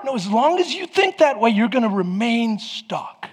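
A pastor preaching an impassioned sermon, shouting at peaks and acting out prayers. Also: male voice, very high-pitched, big pitch swings, normal speed, husky. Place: church sanctuary. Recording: long hall reverb.

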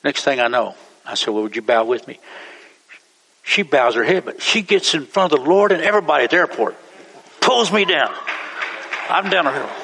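Folksy pastor, bright voice. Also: male voice, on the high side, animated, moderate pace, creaky, pauses often, husky. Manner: folksy, rambling, repeats himself. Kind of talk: sermon storytelling. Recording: long church reverb.

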